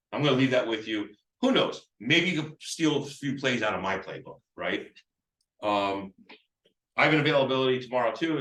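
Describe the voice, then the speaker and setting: A man's voice: fairly low pitch, a bit bright. A man teaching real estate agents phone scripts, rambling with restarts as he acts out both sides. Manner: rambling, many restarts, acts out seller dialogue. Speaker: real estate sales trainer. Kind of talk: live sales training talk with role-play. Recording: echoey room, mic at a distance.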